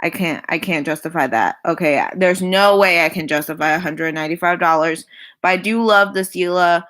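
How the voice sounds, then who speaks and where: A young woman with a slightly low voice talks her way through a makeup wishlist in a loose, chatty vlog manner. She repeats her points and lets sighs and small laughs fall between items. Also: moderate pace, fairly bright tone. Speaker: makeup vlogger. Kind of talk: casual product rundown.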